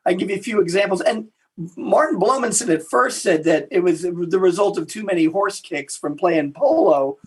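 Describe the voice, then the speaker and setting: A man being interviewed as a historian, telling lively anecdotes with frequent restarts. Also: high-pitched, normal speed, breathy edge. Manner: animated anecdotal storytelling with repeated restarts. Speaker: guest historian. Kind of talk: storytelling interview answers.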